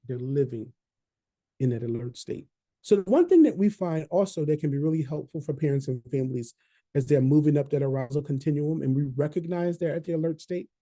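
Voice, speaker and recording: A man with a mid-range, dark voice leads an online training session. He talks conversationally, repeats key phrases, and checks in with listeners by asking "right?".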